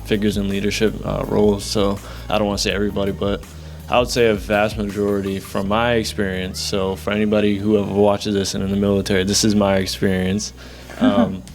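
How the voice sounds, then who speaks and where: A man talking in a relaxed, reflective way about his own experience in a casual podcast chat. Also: lowish voice, brisk, faint music behind.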